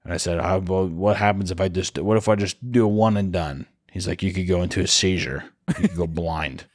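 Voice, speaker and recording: Deep-voiced and brisk, this young podcast co-host recounts a story casually and comedically, swearing along the way. He brings the people in it to life animatedly, screaming as he acts out their words.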